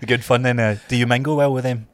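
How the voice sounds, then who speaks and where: A Scottish man co-hosting a podcast, chatting in a relaxed way and throwing in quick follow-up questions. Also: mid-range voice. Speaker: podcast co-host. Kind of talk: casual chat.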